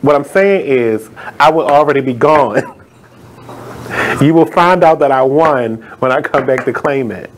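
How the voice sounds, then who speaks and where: A man's voice: medium pitch, lively intonation, measured pace. A man co-hosting a radio show, joking, teasing and often laughing in casual banter from a radio studio. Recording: noisy studio audio.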